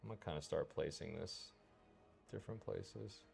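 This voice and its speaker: A man streaming as he paints, thinking aloud in a mumbled, unhurried way. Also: deep voice, creaky, a little mellow, soft background music. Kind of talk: casual commentary while painting.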